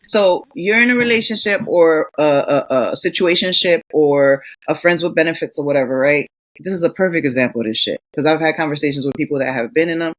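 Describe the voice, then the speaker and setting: A woman's voice: deep voice, fairly bright tone. A woman in her thirties co-hosting a podcast, ranting in a casual, profane way with acted quotes. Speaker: podcast co-host. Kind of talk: casual chat.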